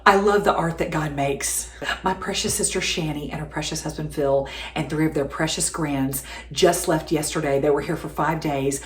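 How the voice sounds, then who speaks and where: A woman's voice: low-pitched, fairly even intonation, moderate pace, roomy sound. A middle-aged woman hosts a home cooking show, chatty and affectionate, laughing often. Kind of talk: casual home cooking demonstration. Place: home kitchen.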